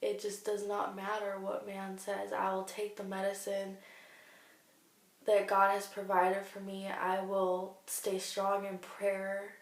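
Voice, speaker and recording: Earnest young woman with a gravelly voice. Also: mid-range voice, monotone, slow pace. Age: 20s. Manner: earnest, heartfelt, faith-filled. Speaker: vlogger sharing a cancer diary. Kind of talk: personal video diary. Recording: echoey room, distant mic.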